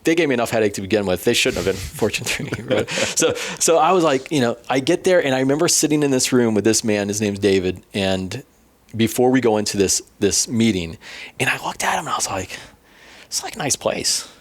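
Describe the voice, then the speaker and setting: A man of middle pitch spinning a personal story in a relaxed interview. He talks in a lively, self-deprecating way. He tells it casually, like a friendly guest. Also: fairly quick. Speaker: business owner guest.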